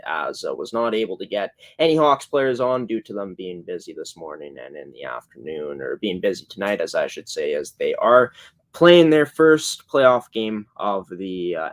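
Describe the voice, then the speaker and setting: A man hosting a casual live-streamed sports show, talking in long, rambling runs with many filler words and frequent self-corrections. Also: fairly low pitch. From Canada.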